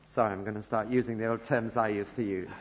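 A man from northern England preaching a sermon, earnest, moving between soft asides and loud emphasis. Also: fairly low pitch, fairly even intonation, fast talker, slight background noise. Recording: dull lo-fi recording with long church reverb.

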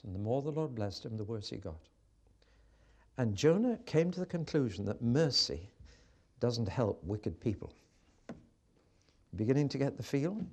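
A man preaching a sermon, telling a story with animated delivery and acting out the quoted speech. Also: medium pitch, moderate pace, pauses often.

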